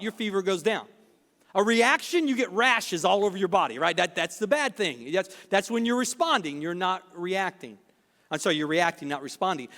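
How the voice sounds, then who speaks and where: A man's voice: high voice, a bit bright. A middle-aged man, a pastor preaching a sermon, telling stories with self-deprecating humor and acting out dialogue. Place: church sanctuary. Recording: reverberant church hall.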